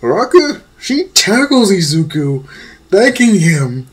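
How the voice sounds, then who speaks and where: A man's voice: high-pitched, sing-song, takes it slowly, husky. A man casually telling an improvised fan story with a rambling manner.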